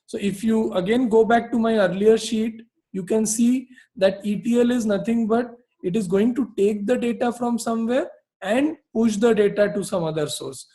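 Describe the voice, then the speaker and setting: A man's voice: high voice, moderate pace, warm tone, rough recording. A male instructor giving a recorded technical lecture, explaining step by step with frequent fillers and restarts.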